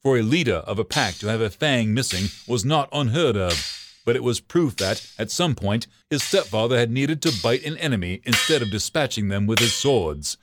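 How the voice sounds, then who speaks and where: A man reading a story aloud as narrator, with expressive delivery. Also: mid-range voice, normal speed, background noise.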